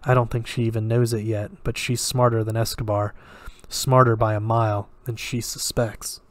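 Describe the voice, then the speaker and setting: A man voicing a cool-headed man's private thoughts in a hushed, half-whispered voice. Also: fairly low pitch, little pitch movement, normal speed, no echo, close to an everyday voice. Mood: suspicious.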